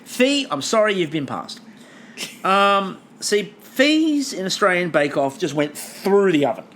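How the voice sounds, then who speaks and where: A woman co-hosting a podcast, chatting casually and telling animated stories full of acted-out quotes. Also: on the low side, unhurried, slight background noise. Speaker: podcast co-host. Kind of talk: casual chat.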